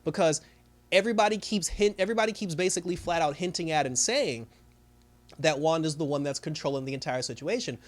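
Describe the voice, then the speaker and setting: Fast-talking man recapping a show. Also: fairly high pitch. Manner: rambling retelling with many fillers. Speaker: TV show reviewer. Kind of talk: casual episode recap.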